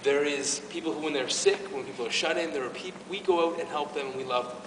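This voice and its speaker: A man's voice: a little high, quick pace, background noise. A man giving an informal faith talk to a youth group at his parish, earnest and emotional, with many restarts. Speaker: parish youth ministry speaker. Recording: echoey hall from far off.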